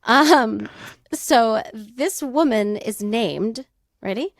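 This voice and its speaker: Giggly, chatty higher-voiced woman. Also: drawn-out words, vocal fry, dry recording, studio quality. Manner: giggly, chatty, self-deprecating. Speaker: podcast co-host, storyteller. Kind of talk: casual chat.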